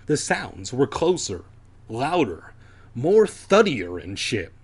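A man's voice: mid-range voice, big pitch swings, slow pace, breathy edge. Irreverent man reading a book aloud. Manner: irreverent, ad-libbing, swearing asides. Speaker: reader.

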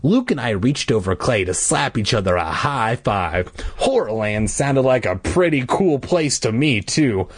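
A man's voice: mid-range voice, lively intonation, a little slow, slightly rough, no echo. A man reading a children's horror book aloud, adding crude, irreverent jokes. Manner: irreverent, with crude joking asides.

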